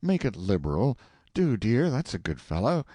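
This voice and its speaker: A man's voice: mid-range voice, very animated, moderate pace, warm tone, no room sound, pitched above the performer's own voice. A man voicing an eager, impatient middle-aged husband in an audiobook, full of folksy exclamations. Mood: excited. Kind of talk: audiobook character voice.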